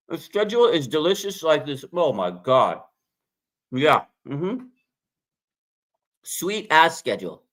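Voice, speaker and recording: A man hosting a live fan reaction stream in a casual, excitable way, laughing and ranting with his voice jumping up when he gets hyped. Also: fairly high pitch. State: has a bloody nose. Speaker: sports fan livestream host.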